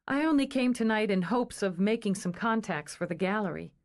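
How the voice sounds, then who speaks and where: A woman's voice: mid-range voice, expressive, a little fast, natural voice. A woman reading an audiobook, voicing a wry, teasing young woman who works at a gallery.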